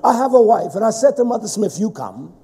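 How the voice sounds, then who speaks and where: A man preaching a sermon in a fervent, emphatic way, with sudden shouted stresses. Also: high voice, very animated, fairly quick, breathy edge.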